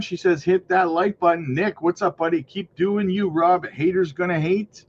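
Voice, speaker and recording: A man's voice: high voice, fairly even intonation, normal speed. A man hosting a casual livestream, reading viewer comments aloud in an upbeat, hyped way, full of "you know" and "right". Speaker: crypto livestream host. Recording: slightly muffled with faint noise.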